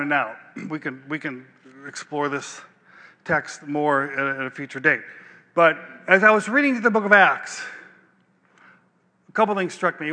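A man's voice: on the high side, bright, forceful tone. An older man preaching a sermon as pastor, talking in a conversational way, repeating words and checking in with the listeners. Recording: long hall reverb.

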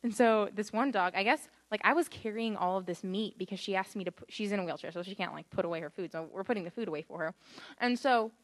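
A woman's voice: mid-range voice, quick pace. A young woman telling a story in a casual, rambling way, full of fillers and quoted dialogue. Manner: grows excited and laughing in a funny anecdote. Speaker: church volunteer sharing a story.

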